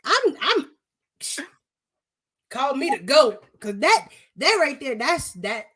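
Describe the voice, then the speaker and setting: A woman's voice: high-pitched, sing-song, slow, a bit bright. A woman hosting a podcast in casual chat, blunt and profane, laughing often. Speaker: podcast host.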